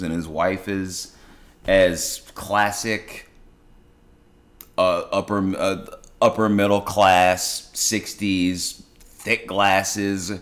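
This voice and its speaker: A man with a very deep voice tells a story in a casual monologue. His manner is blunt and exasperated, and he often restarts his sentences as he talks. He speaks as the host of his own show. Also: fairly bright tone. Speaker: podcast host and restaurant worker.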